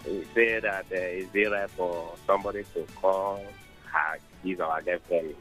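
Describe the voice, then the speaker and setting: A Nigerian man calling into a radio show, speaking hesitantly with halting phrases. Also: sits low, steady tone, a bit bright, faint music behind, low-quality recording. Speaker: caller. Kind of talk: phone-in call.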